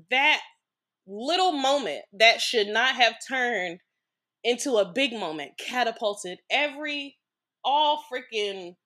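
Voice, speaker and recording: A woman's voice: medium pitch, bright, forceful tone. A woman guest on a podcast, telling a personal story in a blunt, frank way and swearing freely.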